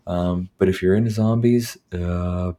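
A man's voice: low voice, fairly even intonation, unhurried, warm tone. A man hosting a casual solo podcast at home, reviewing a movie in a rambling, profane way full of fillers and restarts. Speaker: podcast host. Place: home recording with his dog nearby.

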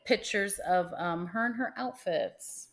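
A woman's voice: mid-range voice, a little slow. Gossipy young woman chatting. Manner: gossipy, dramatic quoted voices, swearing. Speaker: podcast co-host. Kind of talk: casual chat.

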